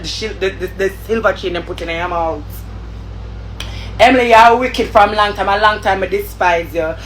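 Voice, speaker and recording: A woman with a Jamaican accent tears into someone in an angry vlog rant. She repeats her points over and over and swears often. Her voice sits at a middle pitch, with faint noise behind it. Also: fairly bright tone. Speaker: vlogger. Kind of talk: heated rant.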